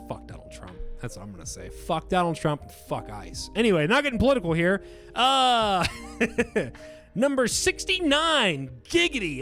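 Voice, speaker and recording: A man's voice: a little high, fairly bright tone. A man chatting casually to his viewers as he reads quiz items aloud. He rambles, hesitates and swears freely. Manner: profane, rambling, hesitant with filler words. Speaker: YouTuber taking an online quiz.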